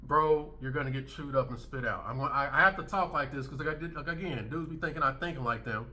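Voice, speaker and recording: A man's voice: medium pitch, quick pace, pushed and bright, slight background noise. A man hosting a commentary channel, reacting to clips in a blunt, emphatic way and hammering his points home by repeating them.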